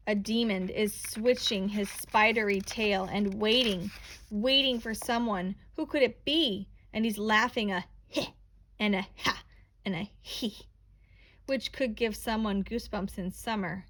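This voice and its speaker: A woman reading a children's picture book aloud in a slow, expressive, playful storytelling manner. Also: medium pitch, a little hiss or hum.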